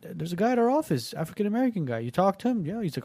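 Male co-host, slightly high voice, rambling casual talk, dry close sound. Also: very animated, racing, mellow, no room sound. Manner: rambling, full of fillers and restarts. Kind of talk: casual political chat.

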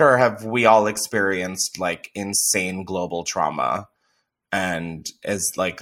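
A man's voice: sits low, a bit bright. A man hosting a podcast in casual, candid chat, swearing freely and filling his talk with "like". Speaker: podcast host.

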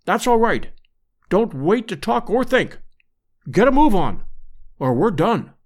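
A man's voice: high voice, sing-song, a little slow, pitched above the performer's own voice, exaggerated voice. A man voicing a brash, hardy English adventurer lord in an audiobook, with clipped, urgent commands. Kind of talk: audiobook character voice.

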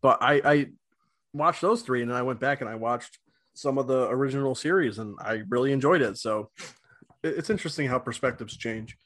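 A man's voice: mid-range voice, a bit bright, dry recording, clean studio sound. A man co-hosting a casual movie talk, often stumbling and repeating words as he gets going. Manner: halting, repeats words as he starts.

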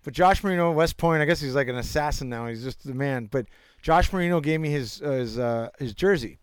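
A man's voice: on the high side, fairly quick, clean tone, no room sound. A young man in casual chat, telling rambling anecdotes with bursts of laughter and crude jokes. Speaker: storyteller.

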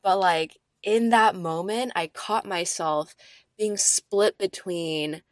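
A woman's voice: lowish voice, slow pace, dry recording, studio quality. A woman in her thirties, co-hosting a podcast, telling a personal story in casual, chatty talk full of "like". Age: 30s. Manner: chatty, storytelling, filler-heavy with frequent "like". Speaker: podcast co-host.

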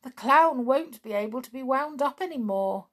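A woman's voice: high-pitched, expressive, normal speed, fairly bright tone, voice pushed up. A woman voicing a sorry, solemn male toy policeman in a children's story. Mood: regretful.

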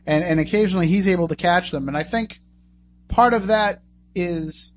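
A man's voice: high-pitched, normal speed, slight background noise. A man hosting a radio talk show in a casual, joking, conversational way. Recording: dull lo-fi radio recording.

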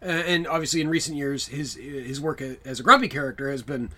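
A man's voice: mid-range voice, a little fast, pushed and bright. A man co-hosting a podcast, chatting casually, rambling and laughing often. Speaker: podcast co-host. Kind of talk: casual chat.

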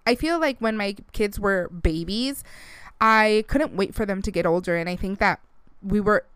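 A woman in her thirties hosts a casual podcast and talks with open feeling, near tears and chatty, dropping Spanish phrases in as she goes. Her voice is smooth and clear and sits at a middling pitch. It is recorded close and dry, with no room sound. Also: normal speed, fairly bright tone, dry recording. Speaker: podcast host. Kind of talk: casual chat.

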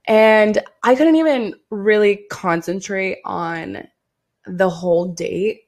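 A woman in her twenties hosting a casual solo podcast, hoarse and raspy from losing her voice, talking bluntly and swearing freely. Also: mid-range voice, unhurried. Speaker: podcast host.

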